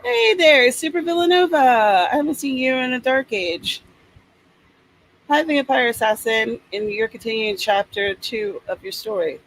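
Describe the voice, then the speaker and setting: A woman's voice: sits high, moderate pace, hardly any pauses, fairly bright tone, rough recording. Chatty woman hosting a stream. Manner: chatty, reads out comments, playful asides. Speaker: host of a writing stream. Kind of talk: casual live-stream chat.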